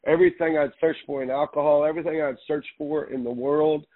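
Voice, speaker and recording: A man in his fifties or older, a pastor giving an earnest, halting testimony in a radio interview, often repeating words. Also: fairly high pitch, steady tone, no room sound. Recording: phone-line radio sound.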